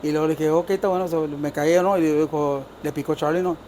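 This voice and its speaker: An older man tells stories at a quick clip, his voice sitting fairly high for a man. He switches between Spanish and English, laughs as he goes and acts out what others said. His carries through both languages. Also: a little hiss or hum. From South Texas. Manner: lively, laughs while telling stories, acts out other people's lines. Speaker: guest, storyteller. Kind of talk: casual storytelling, mixing Spanish and English.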